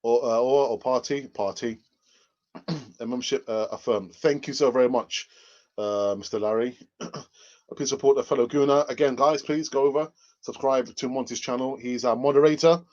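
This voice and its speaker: A man's voice: medium pitch, moderate pace, a little mellow, lo-fi sound. Chatty man hosting a live stream. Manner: chatty, reads out viewer comments, laughs often. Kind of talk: casual live stream chat.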